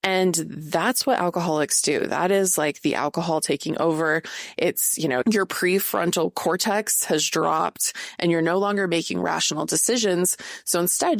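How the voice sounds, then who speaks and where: A woman's voice: lowish voice, vocal fry, no echo, clean studio sound. A woman in her late thirties hosting a podcast, talking candidly and casually with lots of fillers. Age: 30s. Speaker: podcast host. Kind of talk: casual solo podcast talk.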